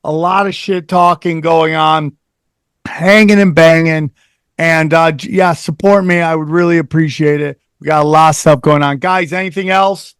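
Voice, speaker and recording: A man hosts a podcast in loud, crude, joking banter. His voice sits high. The recording is dry and close. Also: fairly even intonation, normal speed, smooth, no room sound. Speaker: podcast host. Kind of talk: casual podcast chat.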